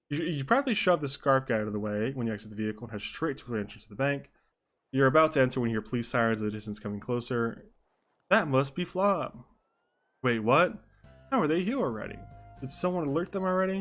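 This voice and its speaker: A man's voice: medium pitch, a bit bright. Young male streamer, casual story narration with rambling asides. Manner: rambling asides, mixes narration with chat comments. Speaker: streamer narrating a role-play.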